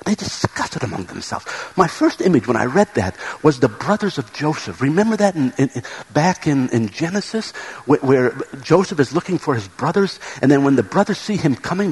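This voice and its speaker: Husky-voiced man, pitched high and lively, preaching an earnest, halting sermon. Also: low-quality recording. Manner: earnest, repeats words when building a point.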